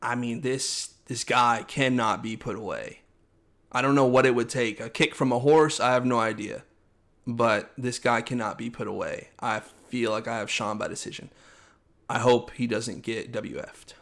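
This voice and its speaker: A young man co-hosting a casual chat show. He talks quickly and with firm opinions, often slipping into quick impressions of what coaches said. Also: mid-range voice, fairly bright tone. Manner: fast, opinionated, acts out coaches' lines in quotes. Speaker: podcast co-host.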